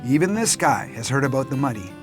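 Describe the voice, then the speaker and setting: A man narrating a local television documentary in a measured, clear storytelling voice. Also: medium pitch, very animated, over music. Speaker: program narrator and host.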